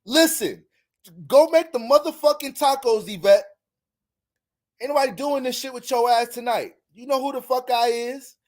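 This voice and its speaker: A man's voice: very high-pitched, moderate pace, darkish tone, pitched above the performer's own voice. A man voicing an angry, domineering boyfriend who barks profane orders.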